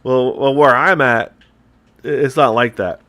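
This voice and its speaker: A middle-aged man from upstate New York talks casually as he paints miniatures. His voice sits at an ordinary pitch, and he wanders into rambling, chatty asides. He sounds like a relaxed hobby host walking through his technique. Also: unhurried. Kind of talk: casual chat while painting.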